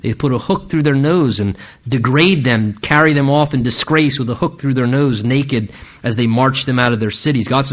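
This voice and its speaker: A man's voice: mid-range voice, moderate pace. A man preaching an expository sermon, earnestly explaining scripture verse by verse, often restarting and repeating words as he goes. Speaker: pastor.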